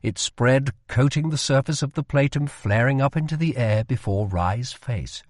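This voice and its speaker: A man narrating a fantasy audiobook in a measured, expressive storytelling manner. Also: medium pitch, no room sound, clean studio sound.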